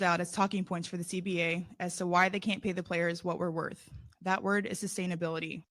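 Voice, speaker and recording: A woman, a professional basketball player, delivering a prepared public statement in a measured way, slightly out of breath. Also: lowish voice, level tone, fairly bright tone.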